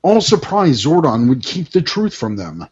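A husky man reads stage directions at a script table read, his voice moving up and down a lot as he goes. The recording is lo-fi and dull. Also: a little high, normal speed. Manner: laughing, animated.

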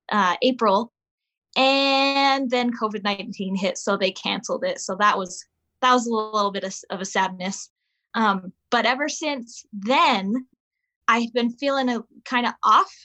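A woman in her thirties, chatting casually as a podcast guest and telling an animated story. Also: fairly high pitch. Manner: animated storyteller, acts out voices of her kids. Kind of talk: casual chat.

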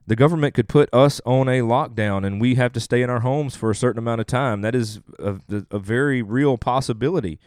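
A man's voice: on the low side, darkish tone, smooth, no room sound, clean studio sound. A young adult man, a pastor, delivering an earnest sermon with emphatic, repeated phrases.

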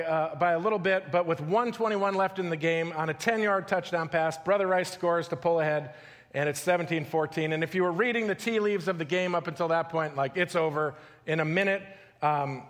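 A man's voice: on the high side, a bit bright. A man in his forties preaching a sermon as a pastor, talking in a loose storytelling way and often repeating words as he restarts. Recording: long hall reverb.

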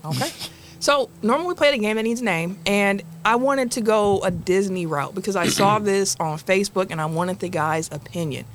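A woman's voice: medium pitch, normal speed, slight background noise. A woman hosting a casual sports podcast with friends, laughing often and running through the show's housekeeping. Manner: laughing, animated, reads out show housekeeping. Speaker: podcast host.

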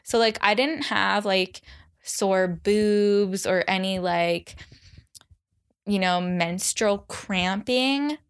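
A young woman hosting a solo podcast, chatting casually with lots of fillers and acting out quotes in a high voice. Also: very slow, clean tone. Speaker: podcast host.

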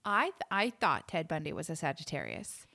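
A woman's voice: deep voice, huge pitch swings, brisk, vocal fry, sharp tone, dry recording, clean studio sound. A woman co-hosting a podcast in casual true-crime chat, asking questions and giving firm opinions. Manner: inquisitive, opinionated, reacts with exclamations. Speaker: podcast co-host.

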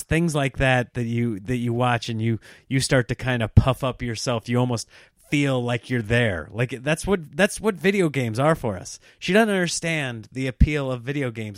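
A man in his thirties, a stand-up comedian, telling animated, self-mocking stories in a casual monologue and laughing at himself. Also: medium pitch, no room sound, clean studio sound.

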